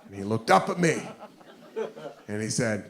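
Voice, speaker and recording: A man from the United States performing a stand-up comedy set with animated storytelling in a live comedy venue. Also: fairly low pitch, unhurried, creaky. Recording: noisy live crowd laughter.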